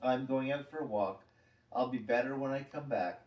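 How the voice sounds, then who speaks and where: A man voicing a gentle, heartbroken schoolgirl who speaks in a trembling, pleading way. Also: mid-range voice, normal speed, highs cut off, close to an everyday voice. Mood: withdrawn. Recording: roomy, distant mic.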